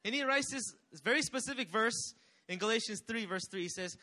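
A man's voice: extremely high pitch, fairly quick, bright, forceful tone. A young man preaching a sermon with energy, calling on the congregation to respond. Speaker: pastor.

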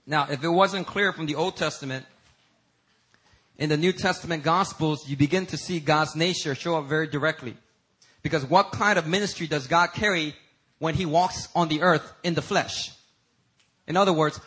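Pastor, male, bright husky voice, preaches with emphatic high climbs and casual y'all asides. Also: moderate pace, poor audio. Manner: emphatic preaching that rises to high, loud peaks. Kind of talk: sermon.

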